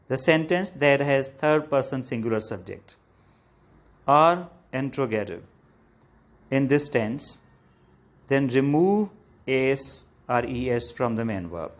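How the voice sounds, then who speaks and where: A man with a South Asian English accent walks through a grammar lesson at an unhurried, deliberate pace. His voice sits at a middling pitch. He explains patiently, checking in often with "okay?" and pausing on fillers. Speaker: English teacher.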